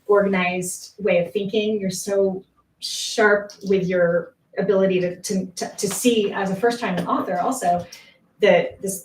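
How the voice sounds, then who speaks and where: A woman co-writer talks casually about writing a book with the author. She often hesitates and repeats words. Her voice sounds a bit far from the mic, with a roomy echo and a faint hum behind it. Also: mid-range voice. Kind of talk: casual conversation at a book event. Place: bookshop event room. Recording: echoey room, mic at a distance.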